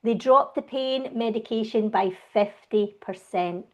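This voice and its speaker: A Scottish woman speaks quickly and with plenty of enthusiasm, guesting in a relaxed interview. Her voice sits a little high, and her talk tumbles along in a lively rush. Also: dull audio. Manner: fast, enthusiastic talker. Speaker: guest, wellbeing coach. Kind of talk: conversational interview.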